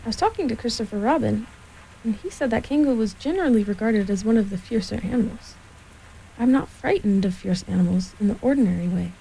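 A woman's voice: medium pitch, vocal fry, warm tone, husky, rough recording. A woman voicing a timid, very small male piglet who talks nervously. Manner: nervous and fidgety.

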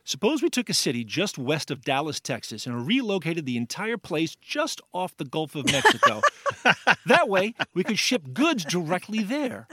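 A man's voice: on the high side, very animated, moderate pace, fairly bright tone, breathy edge, dry recording, clean studio sound. A man running a pun quiz on a radio talk show, setting up wordplay and laughing easily. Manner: jokey, sets up puns, laughs often.

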